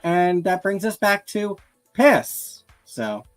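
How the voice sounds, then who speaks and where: A co-host in casual podcast chat who makes dry, deadpan asides. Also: mid-range voice, slow, soft background music.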